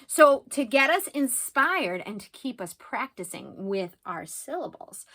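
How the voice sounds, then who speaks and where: A woman in her thirties teaching young children and reading a picture book aloud, sing-song and animated, with quiet asides. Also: mid-range voice, unhurried.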